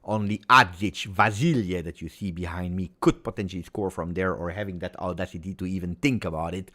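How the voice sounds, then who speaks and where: Excitable man calling a match. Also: deep voice, brisk. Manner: excitable play-by-play with Italian exclamations. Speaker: football watch-along streamer. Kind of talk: live match reaction commentary.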